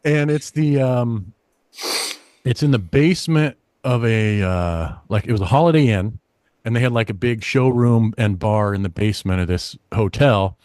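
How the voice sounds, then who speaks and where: A middle-aged man, a stand-up comedian, telling a lively story in a casual interview, acting out the people in it. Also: lowish voice, moderate pace, no echo. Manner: animated anecdote-teller, acts out quoted voices.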